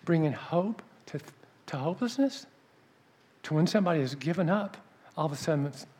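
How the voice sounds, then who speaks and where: A man giving a sermon as an earnest, animated story, dropping soft for emphasis. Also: a little high, a little fast. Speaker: preacher.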